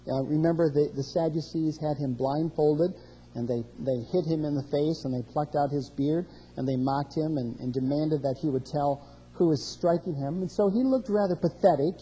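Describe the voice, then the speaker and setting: Pastor guy preaching, dark husky voice, big echoey church sound. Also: on the high side, slight background noise. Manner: expository preaching with verse references and rising emphasis. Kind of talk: sermon.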